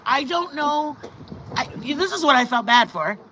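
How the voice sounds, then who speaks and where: A middle-aged woman hosting a casual live-stream chat, rambling and animated with bursts of loud laughter. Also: high-pitched, moderate pace, slight background noise, poor audio. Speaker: channel host.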